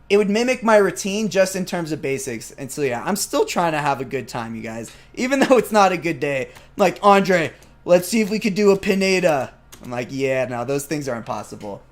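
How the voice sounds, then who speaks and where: A young man chatting casually as a gymnast vlogger, talking over his training footage, answering viewer questions and acting out what he said at the time. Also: high-pitched. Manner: chatty, animated, acts out his own past remarks.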